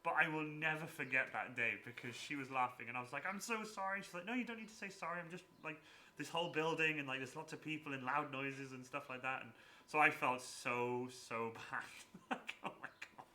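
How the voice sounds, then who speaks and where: A man hosting a casual stream chat, telling lively anecdotes and acting out the voices in them. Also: medium pitch, fairly quick, slight background noise. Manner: animated, acts out voices in anecdotes. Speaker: cosplayer and stream host.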